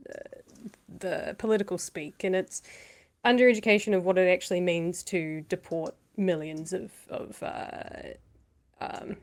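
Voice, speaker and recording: A woman co-hosting a casual political chat, earnest and thoughtful, pausing to search for words. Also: lowish voice. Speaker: co-host.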